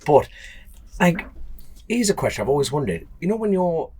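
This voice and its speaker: A man's voice: on the high side, sing-song, moderate pace, darkish tone, a little hiss or hum. A man co-hosting a podcast who jokes and teases the guest in casual banter. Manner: joking, teasing banter. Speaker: podcast co-host. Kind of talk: casual chat.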